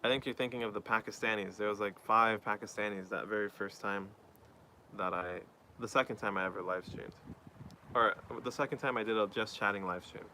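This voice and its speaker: A man's voice: lowish voice, steady tone, brisk, pushed and bright, slight background noise. A man chatting casually on a live stream, reading out viewer messages and answering them.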